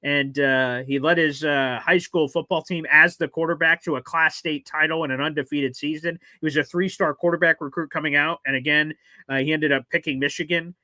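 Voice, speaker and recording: Male sports podcast host, bright tense voice, dry close mic, animated chatter. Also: on the high side, a little fast, dry recording, rough recording. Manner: animated, swings into loud exclaiming. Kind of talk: casual sports talk. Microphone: streaming studio mic.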